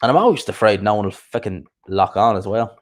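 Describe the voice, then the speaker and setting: A man's voice: on the low side, animated, fast talker. A man hosting a boxing channel, rambling casually on a live stream as he answers viewer comments aloud.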